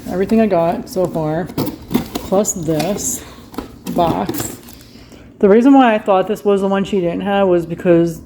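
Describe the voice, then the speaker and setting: A woman's voice: fairly low pitch, background noise. A woman chatting casually at home as she unboxes and shows off her shopping haul. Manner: chatty, wails dramatically over a broken cup. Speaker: vlogger. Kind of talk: casual haul vlog chat.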